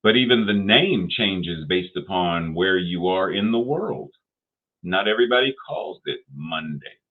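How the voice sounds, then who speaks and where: Man, sermon, lively expressive pitch, slow deliberate delivery, repetitive rhetorical questions, tinny phone-like sound.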